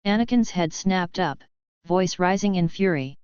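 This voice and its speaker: A woman's voice: lowish voice, a little slow, a little mellow, clear, resonant tone, dry recording. Casting: woman story reader, dramatic fan fiction narration, dry and dull sound.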